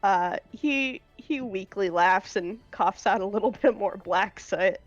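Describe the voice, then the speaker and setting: A woman running a tabletop game as game master, narrating in an unhurried way with frequent fillers and laughs. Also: medium pitch, no room sound, muffled recording, soft background music.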